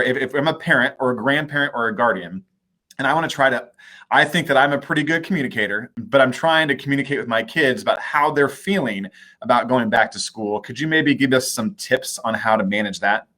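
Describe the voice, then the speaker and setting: A man's voice: mid-range voice, brisk, sharp tone. Conversational man hosting a talk show. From United States. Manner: conversational, repeats words when starting a thought. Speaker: host, mayor. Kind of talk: live talk show interviewing.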